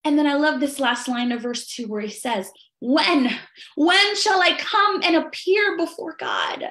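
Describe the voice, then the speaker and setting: Woman, high voice, fervent Bible study teacher; roomy echo on the recording. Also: expressive, measured pace, fairly bright tone. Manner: fervent, repeats phrases, says "right?" often.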